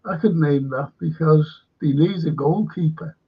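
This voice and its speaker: Gravelly scouse guy rambling slowly on a fan stream, dull lo-fi audio. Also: a little high. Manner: rambling, slow, mutters asides. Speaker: host. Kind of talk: live stream chat reading viewer comments.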